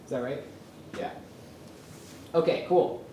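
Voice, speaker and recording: A man presenting a workshop on chanting psalms, speaking haltingly with many fillers and humming melodies to show them. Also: dark tone, slight background noise. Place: conference room with a live audience. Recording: roomy echo from a lecture space.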